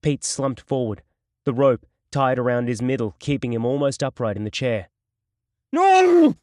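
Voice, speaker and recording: A man narrating a crime novel audiobook in a steady, measured storytelling voice. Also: medium pitch, dry recording, studio quality.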